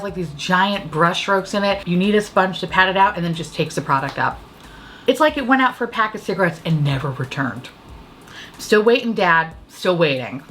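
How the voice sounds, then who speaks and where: A woman's voice: medium pitch, a bit bright, a little hiss or hum. New York woman beauty vlogger, cursing and sarcastic, voice swooping all over. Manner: profane, sarcastic and dramatic. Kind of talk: casual product review chat.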